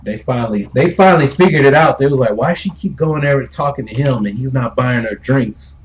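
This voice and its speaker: A man's voice: mid-range voice, brisk, muffled recording. Laid-back male streamer telling stories. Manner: loose, laid-back, swears freely, chuckles between lines. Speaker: gaming streamer. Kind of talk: casual storytelling while streaming.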